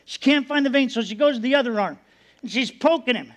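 A man's voice: very high voice, animated, brisk. A middle-aged man preaching, telling a personal story with earnest emotion and acting out the voices in it. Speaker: pastor. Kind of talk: sermon.

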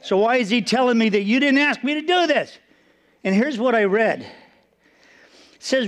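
A man preaching a sermon, telling a personal testimony in an earnest storytelling way and dropping soft and low for solemn moments. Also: lively intonation, moderate pace, pauses often.

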